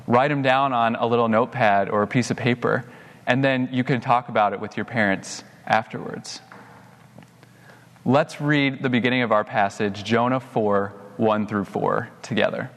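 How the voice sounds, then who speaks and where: In big-room acoustics, a young adult man delivers a sermon as a pastor, sharing a personal story. He gets animated whenever he quotes his own words, and his medium-pitched voice holds a moderate pace.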